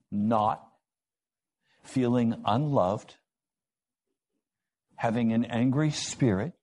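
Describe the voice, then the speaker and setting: A man preaching a sermon, telling stories and acting out the voices in them with lively rises in pitch. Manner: storytelling, acting out quoted dialogue with rising pitch.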